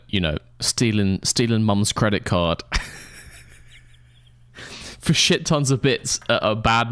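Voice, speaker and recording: A young Englishman with a lowish voice rambles to his stream chat in sweary, mock-outraged banter. His pitch swings widely as he riffs, and the sound is dry and close with no room around it. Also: no echo. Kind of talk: casual live-stream chat to viewers.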